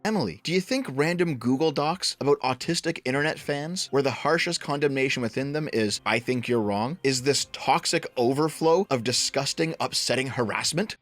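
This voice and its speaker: A man's voice: mid-range voice, moderate pace, hardly any pauses, a bit bright, dry recording. A young man narrating an online drama commentary in a blunt, sarcastic, exasperated way.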